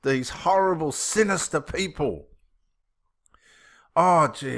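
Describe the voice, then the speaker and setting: A man, a channel host reading viewer comments and answering them in an impassioned, emphatic way. He swings between loud preaching and muttering to himself. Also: on the high side, moderate pace.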